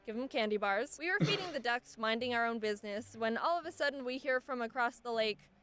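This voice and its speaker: A young adult woman narrating childhood stories in a scripted comedy style, with wry, deadpan asides. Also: fairly high pitch. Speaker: animator telling childhood stories.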